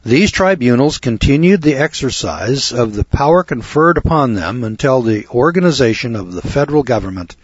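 A man's voice: medium pitch, breathy edge, no echo. A man giving an emphatic, preachy lecture on law, addressing his listeners as boys and girls and repeating words for weight. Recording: dull lo-fi recording.

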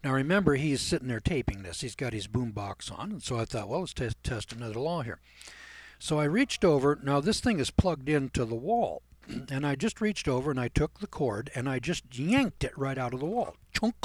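A man telling a story to a class in a folksy way, clearing his throat often and acting out both sides of the dialogue. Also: medium pitch, big pitch swings, moderate pace, no room sound. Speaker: seminar speaker telling a story. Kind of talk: storytelling lecture.

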